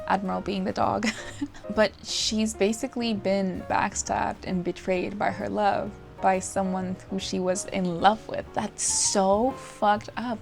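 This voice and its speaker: A young woman talking casually as a book vlogger, gushing and animated, laughing often and swearing now and then. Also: mid-range voice, creaky. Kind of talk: casual chat.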